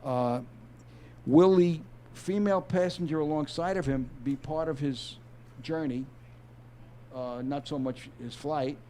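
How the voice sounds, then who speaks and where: Mellow-voiced man explaining at ease. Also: on the high side, unhurried, a little hiss or hum. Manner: easygoing, explanatory, with frequent restarts. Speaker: author and former police detective. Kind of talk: interview guest, reading aloud from his novel. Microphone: video call.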